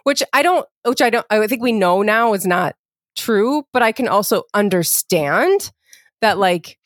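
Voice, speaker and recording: A woman's voice: medium pitch, animated, dry recording. Chatty woman explaining, dry sound. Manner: chatty, explains with quick asides and many fillers. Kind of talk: casual chat about parenting.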